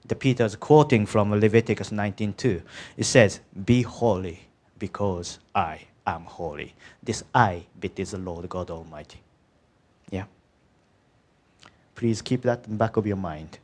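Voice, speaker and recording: A man with a lowish, slightly slow voice preaches a sermon in conversational English that's a little non-native, with small grammar slips. He often checks in with the congregation, asking "isn't it?" and "yeah?"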